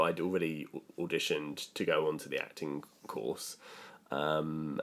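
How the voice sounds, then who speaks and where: Deep-voiced young British man, chatty. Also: flat delivery, normal speed, a bit bright. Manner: chatty storytelling, lots of ums and likes. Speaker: podcast co-host. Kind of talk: casual chat.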